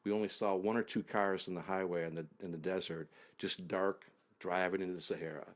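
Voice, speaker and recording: Low-voiced man telling a travel story. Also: steady tone. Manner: unhurried, detailed storyteller, often trails off low. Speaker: interview guest, travel author. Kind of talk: storytelling in an interview.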